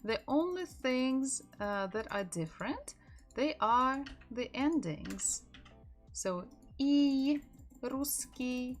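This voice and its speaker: Russian-accented woman teacher, unhurried, patient repetition over soft keyboard clicks and music. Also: high-pitched, lively intonation. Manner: slow, repeats words for practice. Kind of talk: live-streamed language lesson.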